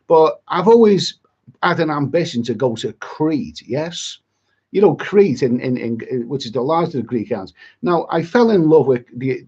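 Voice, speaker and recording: A man's voice: on the high side, a little mellow, slightly rough, lo-fi sound. A middle-aged man on a livestream, chatty and exasperated, rambling with many repeats and asides. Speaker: travel vlogger on a livestream.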